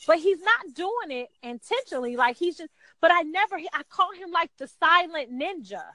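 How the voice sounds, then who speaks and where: High-voiced woman telling a story. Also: moderate pace, no echo, low-quality recording. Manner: animated, acts out quotes in a high voice. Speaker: guest. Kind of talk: casual storytelling chat.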